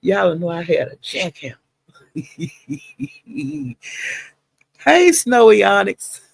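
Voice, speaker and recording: A woman hosts a casual livestream, greeting viewers one by one with lively, colloquial exclamations and frequent laughter. Her voice has a gravelly, creaky edge, and the recording is dry and close with no room sound. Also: medium pitch, extremely slow, no echo. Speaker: livestream host.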